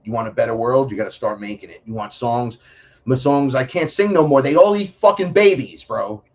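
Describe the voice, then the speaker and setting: A man in casual interview talk, animated and profane, often slipping into voices for the people in his stories. His voice sits in an ordinary male middle range. The recording is a bit dull and lo-fi. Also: medium pitch, a little fast. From New York City. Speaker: podcast guest.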